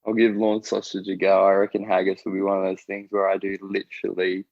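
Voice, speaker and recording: Gravelly low-voiced man, easygoing chat. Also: monotone, fairly quick, no room sound, dull audio. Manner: easygoing, chatty, with many ums and little laughs. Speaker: podcast co-host. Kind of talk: casual chat.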